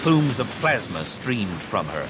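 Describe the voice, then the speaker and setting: A male narrator reads an action novel dramatically, his pitch rising and falling in a lively way. A steady background hiss sits under the read. His delivery keeps a steady storytelling pull. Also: unhurried. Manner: dramatic, expressive reading. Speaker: audiobook narrator. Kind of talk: scripted narration.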